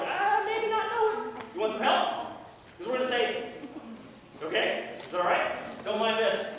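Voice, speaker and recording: A man playing a rowdy backwoods bobcat mountain man at a scout ceremony, hammy and teasing, recorded from far off in an echoey hall. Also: very high voice. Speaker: costumed ceremony character.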